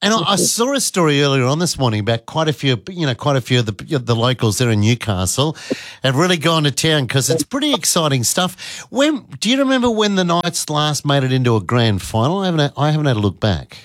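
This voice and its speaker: A man's voice: on the high side, lively intonation, a little fast, fairly bright tone, no echo, studio quality. A man hosting talkback radio, chatting with callers in a cheeky, jokey way. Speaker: radio host. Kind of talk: casual talkback radio chat.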